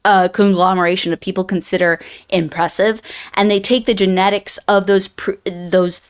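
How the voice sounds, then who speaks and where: A woman's voice: medium pitch, steady tone, normal speed, clear, resonant tone. A woman co-hosting a book review podcast, summarizing the plot in casual chat, rambling with many restarts and fillers.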